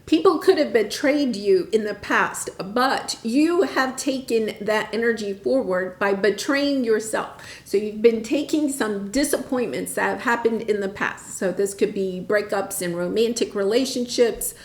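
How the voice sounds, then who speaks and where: A woman's voice: mid-range voice, measured pace, few pauses, roomy sound. A woman giving a casual, encouraging tarot reading, often checking in with "right?" and "okay?". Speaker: tarot reader.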